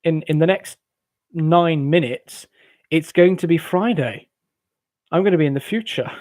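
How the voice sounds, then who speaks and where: A jovial English man hosts a casual late-night live stream, chatting loosely with his viewers. His voice sits a little on the high side for a man. The sound is close and dry, with no room around it. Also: measured pace, a little mellow, no room sound. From England. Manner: jovial, rambling, laughs often. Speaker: livestream host. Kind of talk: casual chat with live chat readers.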